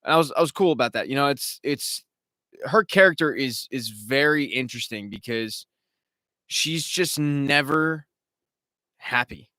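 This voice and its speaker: A man in mid-range pitch talks over a home stream mic in a dry, close room. He rambles casually, swears freely and now and then mocks the characters in put-on voices. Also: expressive, unhurried, bright, forceful tone, no room sound. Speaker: show host. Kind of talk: live-stream TV recap chat.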